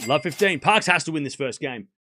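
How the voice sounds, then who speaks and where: A man's voice: a little high, expressive, fairly quick, pushed and bright, slight background noise. A man hosting a live tennis watchalong stream, calling points in chatty play-by-play, thanking donors and laughing often. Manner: chatty play-by-play, reads out donations.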